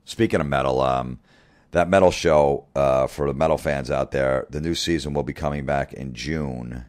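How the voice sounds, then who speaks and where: A man's voice: a bass voice, normal speed. A man hosting a podcast, talking casually in a profane, ranting, sarcastic way. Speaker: podcast host.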